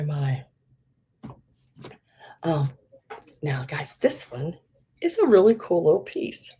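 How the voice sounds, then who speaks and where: A woman's voice: lowish voice, a little mellow, breathy edge. A middle-aged woman hosting a live vintage sale, chatting casually with many fillers and laughing at herself. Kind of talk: casual live-stream selling.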